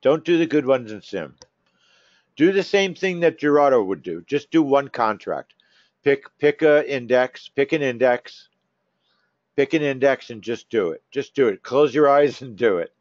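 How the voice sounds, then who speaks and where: A man's voice: mid-range voice, expressive, moderate pace, no room sound. A man hosting a live trading room, talking casually to members by name, coaxing and teasing them. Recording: dull, dry lo-fi stream audio.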